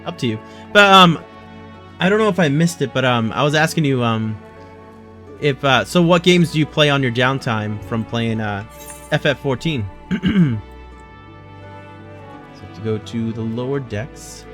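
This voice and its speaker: Casual male game streamer, chatty, talks to chat, mid-pitched voice. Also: animated, unhurried, pauses often, fairly bright tone, soft background music. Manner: chatty with viewers, many fillers. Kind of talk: casual gameplay commentary.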